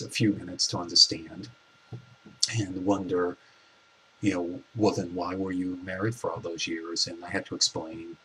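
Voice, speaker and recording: A man in his forties telling a personal story in a soft-spoken, reflective way, with halting restarts. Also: low-pitched, slight background noise, poor audio. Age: 40s. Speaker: vlogger.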